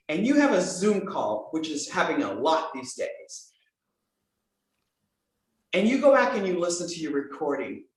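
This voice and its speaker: A woman voice coach in conversation on a podcast, emphatic and animated, swinging between bright exclamations and soft earnest asides. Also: fairly low pitch. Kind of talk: enthusiastic conversational podcast talk. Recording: very echoey room.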